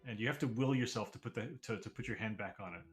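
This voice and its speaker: A man running a tabletop game as game master, narrating scenes in an unhurried, descriptive way. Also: lowish voice, soft background music.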